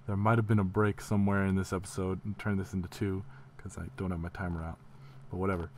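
A young man commenting as he plays a video game, excitable and full of sudden exclamations. His voice sits low for a man, with faint hiss in the background. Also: fast talker. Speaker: let's play gamer.

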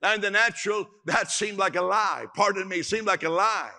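An older man preaching a sermon as pastor, emphatic and animated, acting out quotes along the way. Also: high-pitched, brisk.

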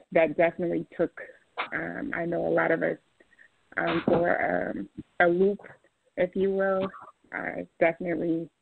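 Podcast co-host, gravelly voice, halting with many fillers, dry and tinny phone-line sound. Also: medium pitch, dry recording. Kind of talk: casual podcast talk.

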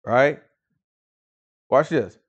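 A man leading an informal Bible study, animated and preachy with a slangy, conversational way of talking. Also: mid-range voice, very slow, slightly rough, dull audio. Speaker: Bible teacher.

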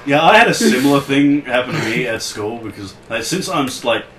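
A man's voice: medium pitch, lively intonation, fairly quick, recorded from a distance, a crowd in the background. A young Australian man chatting casually while gaming, rambling and swearing often with lots of filler words. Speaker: let's play co-host. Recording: roomy echo, off-mic, faint hiss.

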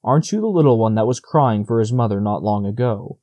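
Man voicing an old stag, gentle, grave, calm, mellow, storybook. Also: medium pitch, moderate pace, no room sound, lightly acted.

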